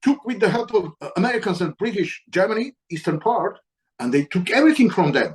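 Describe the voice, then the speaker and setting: A man's voice: high voice, very animated, rough recording. Emphatic Armenian-accented man. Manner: emphatic, halting, with frequent filler sounds. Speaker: guest, retired colonel. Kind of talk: impassioned interview talk.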